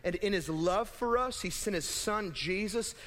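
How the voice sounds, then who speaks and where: A young adult man, a pastor, giving a conversational, animated sermon in a church and acting out imagined voices. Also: high-pitched, measured pace. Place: church sanctuary. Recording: hall reverb.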